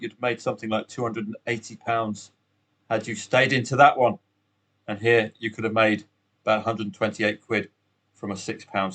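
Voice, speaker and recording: A man hosting a solo betting podcast, chatty and upbeat, with asides to the listener. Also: medium pitch.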